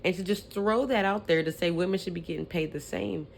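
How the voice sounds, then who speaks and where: A woman's voice: on the low side, brisk, gravelly, a little hiss or hum. Sassy woman ranting about sports. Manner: sassy, animated, petty trash talk. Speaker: vlogger. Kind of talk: opinionated sports commentary vlog.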